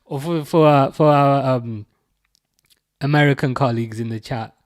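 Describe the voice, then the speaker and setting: A man's voice: medium pitch, moderate pace. A man from England chatting casually on a live football watchalong stream, reading out viewer messages and teasing them. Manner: chatty, reads chat messages aloud, teasing.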